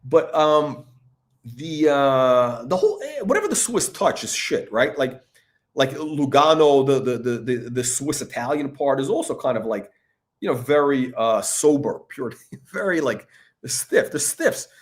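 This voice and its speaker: A man's voice: mid-range voice, big pitch swings, a little slow. A man talking in a rambling, profane monologue, with many fillers, restarts and laughs between remarks. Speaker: watch commentator.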